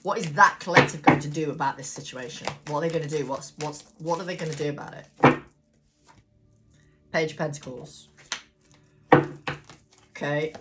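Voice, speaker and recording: A woman's voice: sits low, moderate pace, long pauses, over loud music. A woman doing a casual live tarot reading, chatty and blunt, swearing and talking to her cards. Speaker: tarot reader. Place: home room with a ring light.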